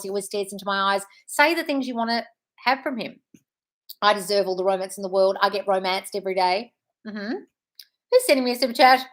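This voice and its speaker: A brisk woman in her thirties hosting a casual live stream. She reads viewer questions aloud and answers each one with quick, frank reassurance. Her pitch sits in the middle of the usual range, and she keeps calling people "darling". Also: a bit bright. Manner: frank and breezy, calls listeners "darling". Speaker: manifestation coach hosting a live Q&A.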